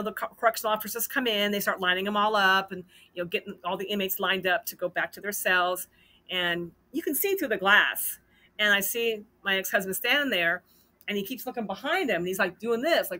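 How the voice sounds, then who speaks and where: Bright-voiced woman telling a story. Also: mid-range voice, fairly quick. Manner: animated, acts out quoted dialogue. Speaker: host. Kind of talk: casual storytelling vlog.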